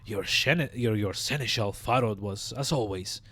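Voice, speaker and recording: A man voicing Dahl, a raspy ancient scribe. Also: fairly low pitch, a bit bright. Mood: grim. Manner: slow solemn speech broken by coughing rasp. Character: frail ancient male mortuary scribe, grave and weary. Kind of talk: reading game dialogue aloud in character.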